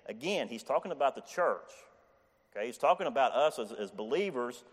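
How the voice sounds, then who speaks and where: A man's voice: medium pitch, expressive, fairly quick, slightly rough. Male lay preacher, conversational teaching delivery with frequent restarts, recorded in a church with a long echo. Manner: conversational, repeats "okay?" and restarts often. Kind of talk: informal church Bible teaching.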